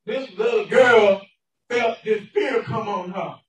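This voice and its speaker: A man giving an emotional sermon testimony, stumbling over repeated words and breaking into shouted emphasis. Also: sits high, slow pace. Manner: repeats words, stammering restarts, bursts of shouting. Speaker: preacher. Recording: echoey room from a distance.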